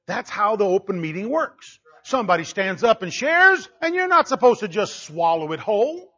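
High-voiced animated man preaching. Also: normal speed, few pauses, muffled recording. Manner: conversational and animated, quoting people in little acted voices. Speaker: pastor. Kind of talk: sermon.

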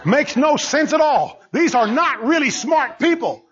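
Man, preacher, sermon, very high voice, emphatic, repeats for effect, shouts key lines, muffled lo-fi sound. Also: very animated, measured pace, hardly any pauses. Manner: emphatic, repetitive, rising to shouted points. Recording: dull lo-fi recording.

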